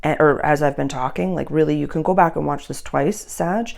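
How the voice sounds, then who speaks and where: A woman's voice: low-pitched, fairly quick, creaky, darkish tone. A woman giving a casual astrology reading, talking straight to her listeners in a chatty, earnest way full of fillers and restarts.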